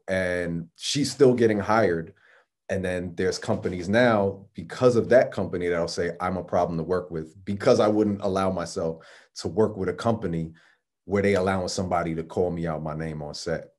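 Panel speaker: man, low voice, frank conversational delivery, checks in with listeners often. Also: a little mellow. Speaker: adult film performer on a panel. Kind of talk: panel discussion.

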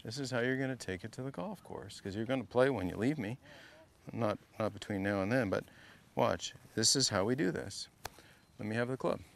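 A man's voice: mid-range voice, a little fast, gravelly, a bit bright. A man coaching a student through a golf lesson, playful and teasing, repeating short drill cues over and over. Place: golf academy practice area.

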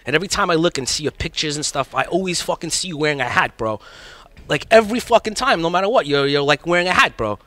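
A young man telling a rowdy story in casual talk, fast and profane, calling everyone bro. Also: fairly high pitch, lively intonation, a bit bright. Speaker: guest. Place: hotel event venue.

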